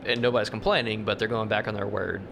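A man's voice: fast, gravelly. A man hosting a casual podcast chat, easygoing and steering the conversation. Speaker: podcast host. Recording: steady rumble in the background.

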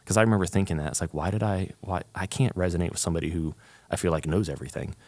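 A man's voice: sits low, very fast, a little mellow, no room sound. A young man, a worship leader, talking earnestly in a casual interview, rambling with fillers and restarts.

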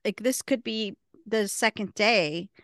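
A woman's voice: medium pitch, takes it slowly, fairly bright tone, dry recording. A woman co-hosting a podcast, giving snarky, casual running commentary while watching a show. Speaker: podcast co-host. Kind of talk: casual chat over a TV show.

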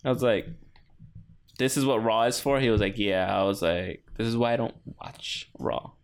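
A man co-hosting a casual chat, swearing freely and mimicking others in loud, high-pitched voices. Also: normal speed, slight background noise.

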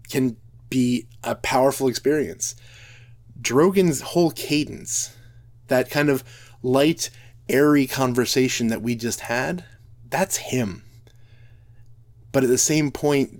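A man giving a heartfelt, reflective talk at a middle pitch. He often restarts his sentences as he works through his thoughts, and his speaking rate varies. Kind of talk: earnest talk on role-play and Bible reading.

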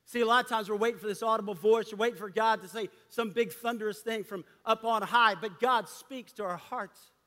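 A man preaching a sermon to a gathering of men, impassioned, dropping to a hush and rising again. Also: high voice, steady tone, fairly quick, few pauses. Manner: impassioned preaching, swinging between loud and hushed. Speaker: pastor. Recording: long hall reverb.

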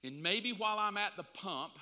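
High, bright-voiced preacher in an echoing hall. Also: male voice, animated, normal speed. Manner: conversational, swings between loud emphatic bursts and quiet asides. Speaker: pastor teaching a Bible lesson. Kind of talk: sermon.

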